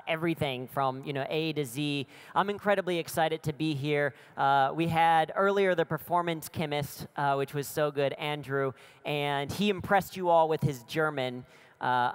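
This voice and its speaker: Upbeat American man with a smooth voice. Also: on the high side. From United States. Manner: energetic, self-deprecating jokes. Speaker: conference speaker. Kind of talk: comedic keynote talk.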